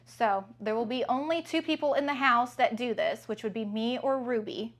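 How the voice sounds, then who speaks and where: Bubbly mom vlogger rambling thru her grocery haul, kinda high voice, lots of ums. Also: normal speed. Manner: chatty, upbeat, many fillers. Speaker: mother and family vlogger. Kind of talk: casual grocery haul vlog.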